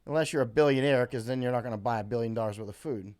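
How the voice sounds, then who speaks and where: This is an American man running his own live stream and talking straight into a computer mic. His casual talk rambles, full of fillers and restarts, as he answers viewer comments. His voice sits at an ordinary middle pitch. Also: racing, darkish tone. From USA.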